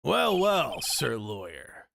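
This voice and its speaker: A man's voice: medium pitch, wildly swooping pitch, creaky, background noise, exaggerated voice. A man doing a pompous, self-adoring detective. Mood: smug. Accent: Canadian. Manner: grandiose, theatrical, drawn-out. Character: pompous self-admiring adult male detective. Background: game music.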